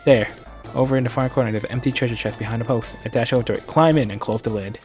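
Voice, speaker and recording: A man's voice: mid-range voice, steady tone, very fast, a little mellow, faint music behind. A man streaming, reading a text game's narration aloud with casual asides and the odd stumble.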